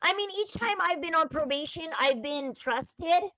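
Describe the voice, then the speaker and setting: A woman with a very high, sharp, expressive voice speaks at a moderate pace, captured in a dry, low-quality recording. She's a livestream host doing casual commentary, chatty and opinionated, reading the chat aloud to her viewers.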